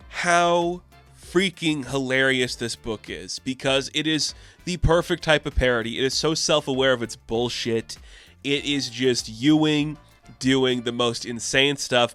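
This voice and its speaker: A man reviewing a comic book in a casual vlog, excited and rambling, with frequent swearing. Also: mid-range voice.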